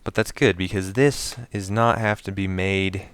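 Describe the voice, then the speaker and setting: A man's voice: deep voice, steady tone, unhurried, smooth, dry recording. A man giving casual gameplay commentary while he builds, talking to himself, counting items aloud and explaining each step to his viewers.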